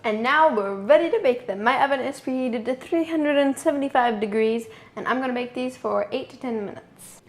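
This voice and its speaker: A woman's voice: high-pitched, brisk, hardly any pauses. A young woman hosting a casual home baking tutorial, chatty and self-amused, talking while she works in her kitchen. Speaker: home baking video host. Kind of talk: casual cooking tutorial narration.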